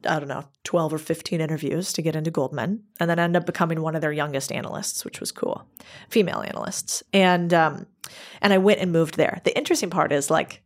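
A woman talking as a podcast guest, her voice sitting a little low for a woman. She tells her stories in a candid, chatty interview style and slips into quoted dialogue as she goes. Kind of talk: casual interview storytelling.

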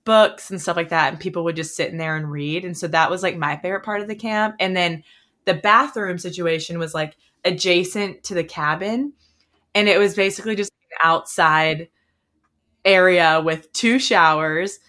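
Low-voiced young woman podcast host. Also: normal speed. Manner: relaxed, descriptive recapping. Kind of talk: casual podcast chat.

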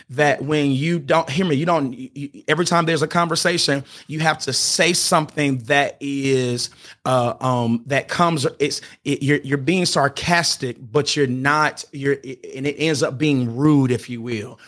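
Guy preaching relationship advice on a podcast, kinda high voice, punchy, trips over his words a lot. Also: a bit bright. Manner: emphatic, with repeated calls like "get this" and "hear me"; often restarts and stumbles over words. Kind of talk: preacher-like teaching talk.

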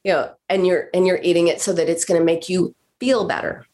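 Low-voiced woman therapist explaining. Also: steady tone, a little fast, dark tone. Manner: explanatory, acts out patients' self-talk. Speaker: therapist guest. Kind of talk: podcast conversation.

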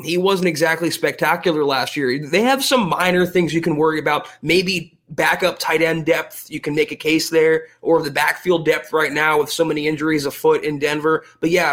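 A man co-hosting a casual sports podcast, a sports writer talking in a measured way with small restarts. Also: fairly high pitch, fairly bright tone.

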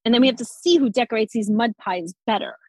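A woman's voice: a little high, fast, a little mellow, husky, no room sound, poor audio. A woman with a New Jersey accent, a forest school teacher talking bluntly and swearing freely in a casual podcast chat.

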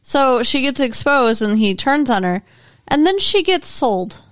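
A woman co-hosting a podcast in a casual movie chat, talking in a chatty way, swearing casually and quick to push back. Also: high voice, big pitch swings, a bit bright, clear, resonant tone. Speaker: podcast co-host.

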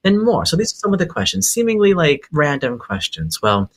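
A man from Hawaii, a psychic medium on a podcast, telling a story in a lively way and laughing as he goes. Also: on the high side, brisk. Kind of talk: casual storytelling.

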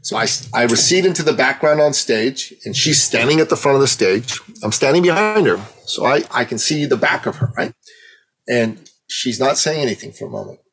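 A middle-aged man, a guest on an interview, telling a personal story with animated, emotional delivery and acting out the dialogue. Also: mid-range voice, a little fast, husky, low-quality recording. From Iran.

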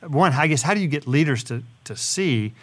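Halting male interviewer asking long questions. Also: on the high side, expressive. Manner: hesitant, many restarts and fillers while framing questions. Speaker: interviewer host.

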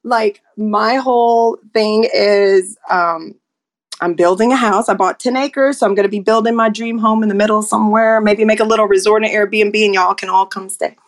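A woman's voice: mid-range voice, fairly even intonation, normal speed. Woman in her 40s, talks straight, acts out her client calls. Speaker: photographer and guest. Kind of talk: casual chat on a live audio room.

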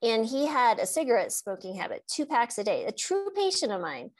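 A woman doctor hosting an interview, telling stories about patients in an animated way and laughing easily. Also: a little high, a little fast. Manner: animated storyteller, laughs often. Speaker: host and doctor. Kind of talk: conversational interview.

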